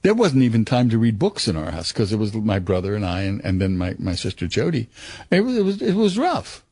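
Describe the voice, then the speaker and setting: A man's voice: on the low side, brisk, breathy edge, no echo. An older man in an interview, telling stories with acted-out quotes and hesitant restarts. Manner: animated storyteller, acts out quotes, hesitant restarts. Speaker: actor guest. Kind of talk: candid interview conversation.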